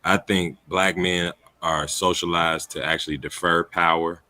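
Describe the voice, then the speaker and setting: A man's voice: low-pitched, little pitch movement, a little slow, sharp tone, no room sound. A man on a casual panel, reflective and searching for his words. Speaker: panel guest.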